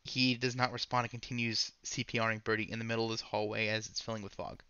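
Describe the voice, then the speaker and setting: A man's voice: lowish voice, little pitch movement, quick pace, bright, forceful tone, smooth, dry recording, dull audio. A man narrating as game master of a tabletop role-playing game, rambling and correcting himself as he describes scenes.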